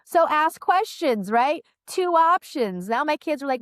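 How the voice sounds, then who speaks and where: A woman's voice: high-pitched, animated, unhurried, few pauses, no echo, clean studio sound. A woman in her thirties, a sales trainer, telling stories animatedly and repeating phrases for emphasis as a podcast guest. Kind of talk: podcast interview, storytelling.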